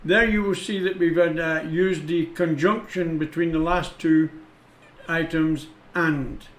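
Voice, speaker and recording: A man teaching English punctuation, patient and deliberate, stopping to spell out each rule. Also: on the high side, steady tone. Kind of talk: explaining punctuation with read-out examples. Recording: echoey room.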